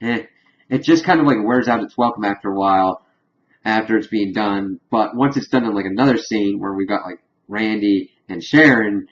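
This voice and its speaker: A man's voice: fairly low pitch, normal speed, highs cut off. A man recapping a cartoon episode in a loose, rambling, profane way, full of fillers and asides. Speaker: reviewer.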